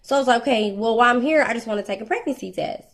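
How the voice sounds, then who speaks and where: A woman's voice: on the high side, rapid-fire. Chatty young woman telling a story. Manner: rambling, chatty, lots of fillers; candid and conversational, addresses viewers directly. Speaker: vlogger. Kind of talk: casual storytelling vlog.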